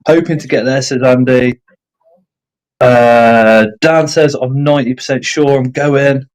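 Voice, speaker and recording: Speaking slowly and pausing often, a medium-pitched man runs a laid-back livestream, reading viewers' comments aloud with self-deprecating humor. He's using a streaming setup, and the audio is poor.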